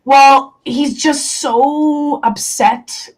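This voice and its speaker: A woman's voice: sits high, steady tone, drawn-out words. A young woman in casual chat, talking candidly and rambling, with lots of fillers and swearing. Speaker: stream co-host.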